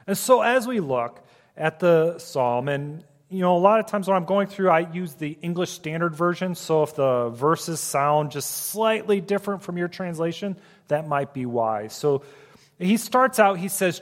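A man's voice: a little high, animated, unhurried. A man preaching a sermon in an earnest, reflective teaching manner, with frequent fillers and restarts. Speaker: pastor. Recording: long hall reverb.

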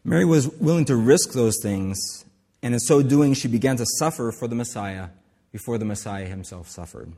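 A man's voice: mid-range voice, animated, normal speed, mellow, big-room sound. A man preaching a sermon as pastor, in a conversational way with asides and restarts.

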